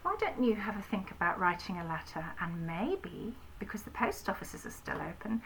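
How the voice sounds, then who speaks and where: English woman, infant school teacher, slow careful phonics lesson, fairly high voice, faint background hiss. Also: fairly bright tone, poor audio. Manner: sounds out words slowly and clearly, sing-song teacherly. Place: home, recording a home-learning video.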